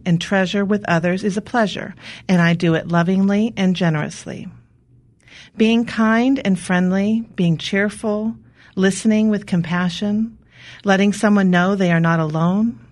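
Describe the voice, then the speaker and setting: A woman guest on a talk show, reading an inspirational devotional in a measured way with slow emphasis. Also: fairly low pitch.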